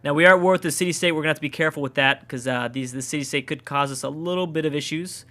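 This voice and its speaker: A Canadian man with a Canadian accent casually comments on his own strategy gameplay for a let's play, thinking aloud and cursing when things go wrong. His voice is fairly high, very fast, and sharp in tone.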